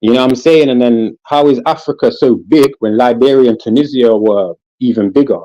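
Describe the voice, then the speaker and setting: A man with a British accent in a lively, slangy podcast discussion, repeating "listen" as he makes his points. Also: mid-range voice, fairly quick, no echo, low-quality recording. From England. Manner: animated, street slang, repeats "listen" and "you know what I'm saying".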